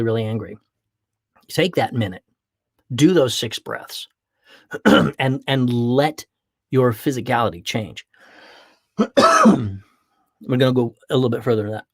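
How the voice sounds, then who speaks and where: Animated man giving motivational talk, dry close sound. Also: medium pitch, breathy edge, dry recording. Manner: animated, jumps into acted voices. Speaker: podcast host.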